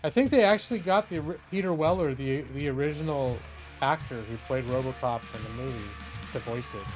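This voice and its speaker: A man's voice: medium pitch, a little fast. Guy streaming a game, chatty and rambly, medium voice, faint game music. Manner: chatty, rambling, self-interrupting. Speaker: gaming streamer and lawyer. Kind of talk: live let's-play commentary.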